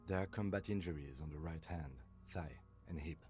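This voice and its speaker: A man as a calm, clinical police lieutenant. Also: low voice, faint music behind, lightly acted. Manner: clinical, measured, dry. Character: calm, methodical adult male police lieutenant.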